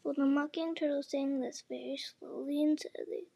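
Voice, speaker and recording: A woman reading a classic storybook aloud in a measured, even storytelling manner. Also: sits high, creaky, poor audio. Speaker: storybook reader.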